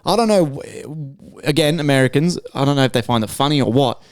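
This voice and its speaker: This is a man hosting a podcast, his voice smooth and crisp on a dry, close sound. He rants freely, swearing a lot and restarting his sentences as he goes. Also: mid-range voice, fast, no room sound. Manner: swearing, rambling rant with restarts. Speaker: podcast host. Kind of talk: casual podcast chat.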